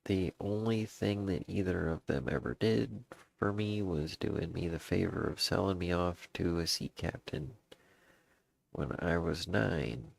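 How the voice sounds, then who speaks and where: A man voicing a boastful old male pirate captain in a put-on Southern drawl, reading a journal aloud with gruff, drawn-out delivery. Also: deep voice, dry recording, full character voice. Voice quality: gravelly, drawn-out pirate speech. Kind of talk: dramatic reading of an in-game journal.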